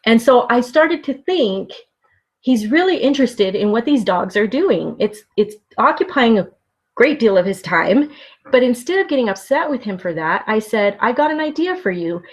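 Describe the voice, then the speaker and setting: A woman's voice: on the high side, animated, normal speed. A woman who homeschools her children, giving a conversational teaching talk full of anecdotes and small chuckles. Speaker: homeschooling parent and speaker.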